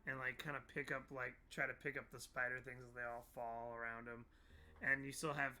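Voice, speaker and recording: A young man running a tabletop game as game master, animated, voicing characters and making sound effects. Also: mid-range voice, a little fast, slight background noise.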